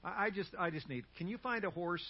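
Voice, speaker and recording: A man's voice: sits high, fast talker, lo-fi sound. A preacher playing a weary, joking Jesus who complains and rambles during his sermon. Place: church sanctuary.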